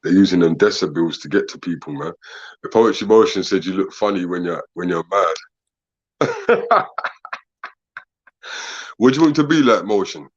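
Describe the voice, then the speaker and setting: A fairly low-voiced man, chatting on a casual podcast. He asks question after question, laughs easily and drops "bro" and "man" throughout. The sound is a bit dull and lo-fi. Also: expressive, fast, breathy edge. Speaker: podcast co-host. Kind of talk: casual chat.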